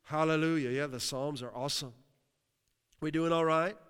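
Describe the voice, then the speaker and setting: A man's voice: fairly high pitch, fairly even intonation, moderate pace, a bit bright, clear, resonant tone. A man from Western Pennsylvania preaching a sermon, breaking in with cries of hallelujah and checking in with the congregation. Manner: exclaims hallelujah, asks the crowd. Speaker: pastor. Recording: long hall reverb.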